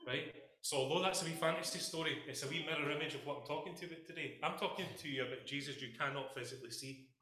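A Scottish pastor preaches a passionate sermon in a church hall, speaking emphatically and addressing his congregation directly. His voice is on the high side, fast, pushed, and bright.

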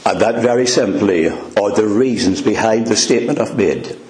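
A man preaching a sermon, slow and emphatic, leaning hard on key words and drawing them out. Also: lowish voice, a little mellow, a little hiss or hum. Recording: echoey room.

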